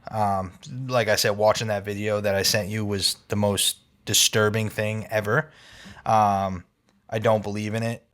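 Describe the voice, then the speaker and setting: A man co-hosting a parenting podcast, chatting in a relaxed way and often saying "dude". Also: on the low side, a little slow. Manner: laid-back, says "dude" a lot, chuckles. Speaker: podcast co-host. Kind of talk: casual chat.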